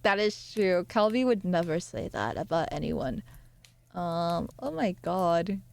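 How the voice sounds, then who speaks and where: A woman streamer chatting casually with her viewers, excitable and giggly, often jumping up into squealy highs. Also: unhurried, gravelly, dry recording. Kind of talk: casual live-stream chat.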